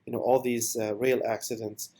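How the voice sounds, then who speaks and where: A man presenting a software product demo in an unscripted voice-over, enthusiastic and with many fillers. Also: mid-range voice, flat delivery, moderate pace.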